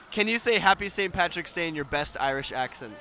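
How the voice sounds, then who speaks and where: A man's voice: on the high side, lively intonation, moderate pace, pushed and bright, faint music behind. A teenage boy asking students playful street-interview questions outdoors. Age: teens.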